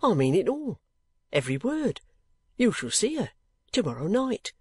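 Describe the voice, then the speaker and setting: A man voicing an excitable, flustered middle-aged male clerk in a storybook reading, breathless and stammering. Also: high voice, normal speed, slightly rough, no echo, voice pushed up, exaggerated voice. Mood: excited, fluttering.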